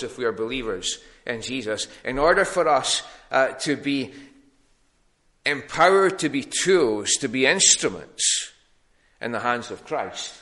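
A man's voice: medium pitch, a bit bright. A man preaching a sermon in a plain teaching tone, with frequent ums and restarts.

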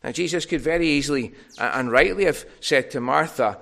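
A man's voice: a little high, fairly quick, gravelly, fairly bright tone. A man preaching a sermon, earnest and tender, building to emphatic peaks.

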